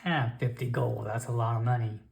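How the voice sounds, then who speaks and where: A man's voice: mid-range voice, flat delivery, normal speed, creaky, lightly acted. A man voicing a wary male hobgoblin traveler who speaks hesitantly and stumbles over his words. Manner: hesitant, stammering restarts.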